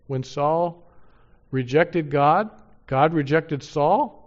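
A man teaching through a Bible passage verse by verse. He reads scripture aloud slowly and with emphasis, and asks his listeners rhetorical questions. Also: fairly high pitch, highs cut off.

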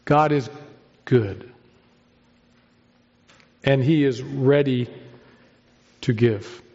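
Emphatische predikant, doffe opname. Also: male voice, medium pitch, a little mellow, dull audio. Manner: emphatic preaching with dramatic pauses and rising emphasis. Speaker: pastor. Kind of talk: sermon.

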